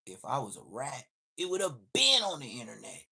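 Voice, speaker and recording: Animated man telling street stories. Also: mid-range voice, gravelly, slightly rough. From Los Angeles area, USA. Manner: profane, slangy, quick to act out quotes. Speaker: livestream host.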